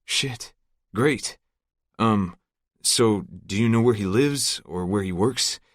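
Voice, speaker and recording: A man's voice: on the low side, slow pace, no room sound, studio quality. A man voicing a defiant, vengeful teenage boy.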